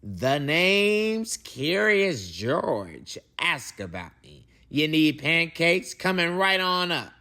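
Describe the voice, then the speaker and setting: A man voicing a playful, curious little male monkey who chatters in cocky slang and breaks into high monkey hoots. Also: sing-song, slow pace, hardly any pauses, sharp tone, exaggerated voice.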